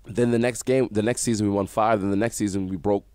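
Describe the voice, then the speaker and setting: A man, a former basketball coach, guest on a radio interview, telling animated stories and acting out what people said to him. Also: fairly low pitch, fast talker, clean tone, dry recording. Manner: animated storyteller acting out quotes. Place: radio studio.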